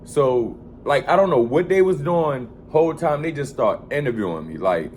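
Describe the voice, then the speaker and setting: A man casually telling a story in a vlog, animated, full of slang and swearing. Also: mid-range voice, moderate pace, slight background noise. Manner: animated, slangy and profane, acts out quoted voices. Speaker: vlogger.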